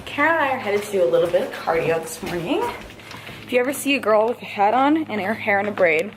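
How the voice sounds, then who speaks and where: An upbeat young woman in her twenties talks casually to her viewers, chatty and direct. Her pitch sits mid-range, with faint background noise under her handheld camera mic. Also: animated, fast talker. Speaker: fitness vlogger. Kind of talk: casual vlog chat to camera.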